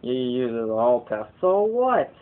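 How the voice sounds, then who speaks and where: A man's voice: mid-range voice, very animated, slow pace, narrow, tinny audio. A teenage boy rambling through a casual video blog, digressing often and swearing casually. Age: teens. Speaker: vlogger.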